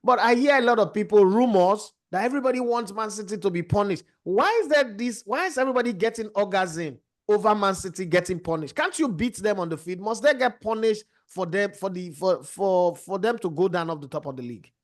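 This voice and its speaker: A man's voice: high voice, animated, a little fast, few pauses. A man hosting a heated football discussion, firing rhetorical questions at his guests. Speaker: host. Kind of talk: heated sports debate.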